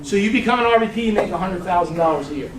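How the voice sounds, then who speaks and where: Man coaching a room, high voice. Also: racing, noisy background. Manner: casual, animated storytelling with frequent "right?"; blunt, swears freely. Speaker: business trainer. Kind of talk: motivational training talk. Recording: echoey room, mic far off.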